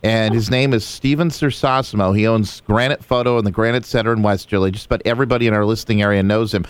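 A man's voice: fairly low pitch, fairly even intonation, quick pace, clear, resonant tone, no room sound. A man from the radio station chatting casually and rambling a little on air.

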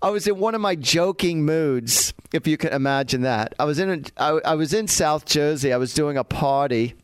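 A man's voice: fairly high pitch, expressive, normal speed, smooth, dry recording. A man, a psychic medium, chattily telling funny stories and laughing often. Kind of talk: casual storytelling.

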